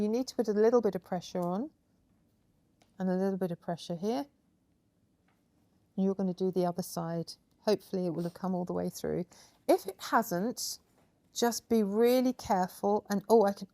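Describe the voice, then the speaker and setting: A woman guiding guests through a craft project at an indoor table. Her voice sits at an ordinary middle pitch, and her manner is chatty, warm in praise, and full of encouragement. She explains each step plainly as a hands-on tutor. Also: brisk. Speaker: crafting workshop host.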